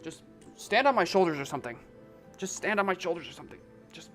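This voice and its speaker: A man's voice: high voice, very animated, fast talker, a bit bright. A young man live-streaming a game from his home desk, chatting casually and pleading in exasperation with his cat. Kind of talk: casual live-stream chat while gaming. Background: game music.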